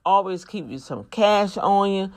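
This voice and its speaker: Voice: medium pitch, lively intonation, unhurried, creaky, very noisy. A vlogger talking casually to regular viewers, emphatic and preachy, with prayerful asides. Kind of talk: casual monologue with urgent warnings.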